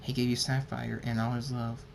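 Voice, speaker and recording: Guy reading as a soft earnest pony king, stumbly, middle pitch. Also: little pitch movement, gravelly, noisy background, close to an everyday voice. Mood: tender. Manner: soft, halting read with restarts.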